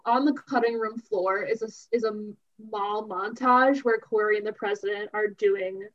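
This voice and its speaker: A woman's voice: medium pitch, fairly even intonation, moderate pace. Woman musing on a dull lo-fi mic. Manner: musing, amused, hesitant. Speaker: podcast co-host. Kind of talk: casual recap chat.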